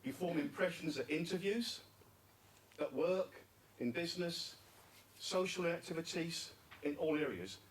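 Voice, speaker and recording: A man's voice: on the high side, expressive, measured pace. A man giving an interactive talk at a speaking club conference, asking the audience questions and repeating their answers. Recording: distant mic with faint background noise.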